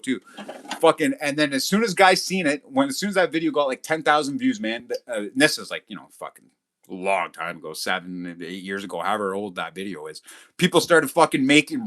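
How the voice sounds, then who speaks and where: A man's voice: on the high side, a bit bright. A middle-aged man hosting a livestream, chatting casually, reading comments aloud, and swearing constantly as he boasts and rants. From Canada. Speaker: livestream host.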